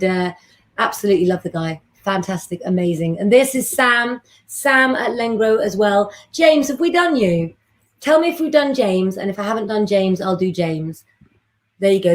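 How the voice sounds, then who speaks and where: A woman, hosting a live astrology stream and chatting with viewers in a rambling way. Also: medium pitch. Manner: warm, chatty, rambling, gives readings to viewers by name.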